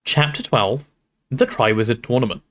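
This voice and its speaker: A man reading a storybook aloud to a livestream audience in an expressive, relaxed storytelling manner. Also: medium pitch, normal speed. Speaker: streamer reading aloud to chat.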